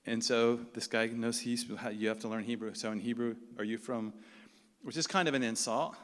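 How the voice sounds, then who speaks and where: Speaking at a moderate pace in a steady, mid-range voice, this man shares a conversational story before a live crowd. He performs the quoted lines of each character, and the recording has a reverberant, hall-like quality.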